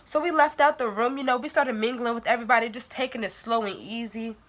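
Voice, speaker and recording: A young woman vlogger telling a story in a casual, animated way, full of "like"s. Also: on the high side, fast. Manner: animated, dramatic retelling with many "like"s.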